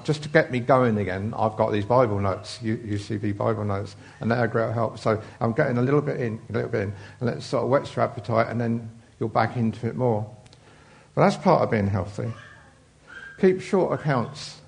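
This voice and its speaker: A man's voice: mid-range voice, moderate pace, gravelly. A man preaching an informal sermon in a chatty, rambling way with many asides.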